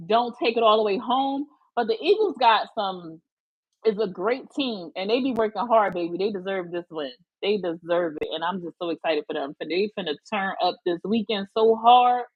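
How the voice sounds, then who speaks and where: Philly woman on a live stream, high husky voice, dry close sound, hyped and chatty. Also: moderate pace, dry recording, lo-fi sound. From Philadelphia. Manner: chatty, greets viewers by name, emphatic slang. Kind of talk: casual live-stream chat.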